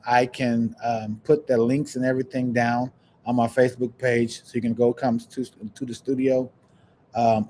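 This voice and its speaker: A man hosting a podcast, chatting casually and preaching encouragement in a warm, churchy way. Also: mid-range voice, slight background noise. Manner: warm, churchy, breaks into laughs and sing-song. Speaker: podcast host. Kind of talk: casual livestream chat, preachy sign-off.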